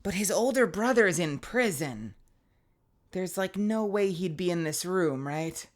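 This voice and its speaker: A woman's voice: fairly low pitch, lively intonation, unhurried. A woman streamer chatting expressively and thinking aloud as she plays a game live. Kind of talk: live let's-play commentary.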